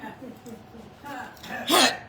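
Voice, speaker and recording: A woman in her fifties preaching a sermon as a chaplain, talking in an animated way and acting out the people she quotes. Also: fairly high pitch, extremely slow, very noisy. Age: 50s.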